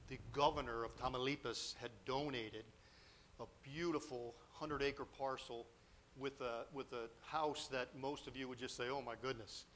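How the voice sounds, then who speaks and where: A man telling a lively personal story in a sermon, acting out the dialogue as he goes. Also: mid-range voice, a little hiss or hum. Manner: animated storyteller, acts out quotes, grows loud and excited.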